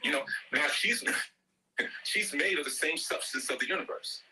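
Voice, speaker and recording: A man's voice: unhurried, sharp tone, low-quality recording. A middle-aged man giving a casual motivational talk, slangy and joking, laughing often and repeating "you know what I'm saying.". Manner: slangy, joking, mocks with high-pitched quoted voices. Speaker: ministry speaker. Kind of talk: casual motivational talk in an audio chat room.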